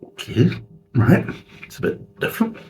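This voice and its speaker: A man's voice: moderate pace, mellow, a little hiss or hum, rough recording. A man reviewing a beer in a casual, sweary, ranting way.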